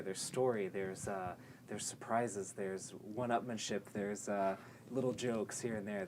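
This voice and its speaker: A man from a string quartet talks with growing enthusiasm on a livestream, stopping and restarting with lots of fillers. His voice sits fairly low, and a steady noise runs under the recording. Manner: enthusiastic, halting, many fillers. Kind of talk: casual livestream chat.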